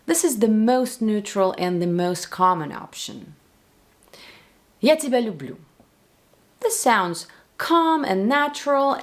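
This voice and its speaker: A woman with a Russian accent, a native Russian speaker, teaching the language to viewers slowly and clearly, with playful spoken examples. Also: mid-range voice. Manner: slow, clear, playful demonstrations. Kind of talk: explaining to viewers.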